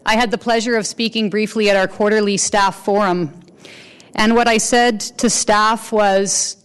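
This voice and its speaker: A woman giving a formal public address as a mayor, speaking in an earnest, measured way with pauses between phrases. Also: mid-range voice, fairly even intonation, smooth.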